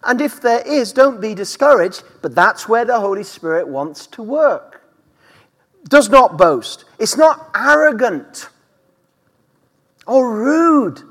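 Man preaching a sermon in church, high voice, lots of rise and fall, echoey hall reverb. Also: big pitch swings, slow, a bit bright. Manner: emphatic preaching with rising and falling delivery. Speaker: pastor.

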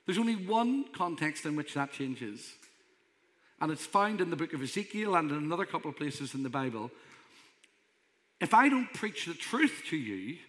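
A man's voice: on the high side, sing-song, normal speed, a bit bright. A man preaching a sermon as pastor, emphatic and conversational. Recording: long hall reverb.

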